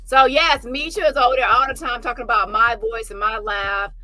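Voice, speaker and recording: A woman hosts a reaction commentary with a very bright, forceful voice that sits a little high. She talks bluntly and mockingly, laughing often. Faint music plays underneath. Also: fairly even intonation, fairly quick. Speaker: commentary channel host. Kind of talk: reaction commentary on a live stream.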